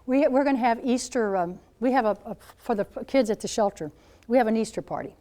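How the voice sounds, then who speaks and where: A woman in her seventies, a Catholic nun speaking to high school students as a guest speaker, telling stories in an animated way and acting out what people said. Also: a little fast. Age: 70s. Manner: animated storyteller, acts out quoted voices. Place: school gathering room.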